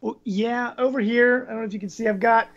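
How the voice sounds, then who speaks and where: A man with a gruff, raspy voice, a podcast guest chatting casually and wandering into tangents. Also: very high-pitched, steady tone, brisk, no echo, highs cut off. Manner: rambling, tangents with many ums. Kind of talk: casual chat.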